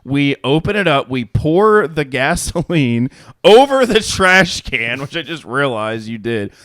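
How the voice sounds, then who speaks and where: Profane storytelling man, smooth dry voice. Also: medium pitch, measured pace, no room sound. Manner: profane, animated anecdote-telling with quoted voices. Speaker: podcast co-host. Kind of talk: casual storytelling chat.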